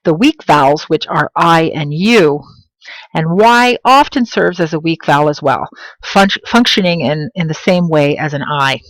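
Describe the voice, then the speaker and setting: Woman, Spanish teacher, slightly low pitch, dry recording, careful emphatic pronunciation. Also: no room sound, poor audio. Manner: slow, emphatic pronunciation of example words. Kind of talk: classroom lesson.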